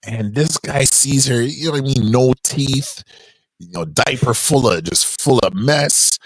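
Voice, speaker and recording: A man's voice: measured pace, no room sound, rough recording. Man, young adult, slangy storyteller, dry close mic. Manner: animated, slangy, voices quotes in a high pitch. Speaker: podcast host. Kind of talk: casual storytelling on a live stream.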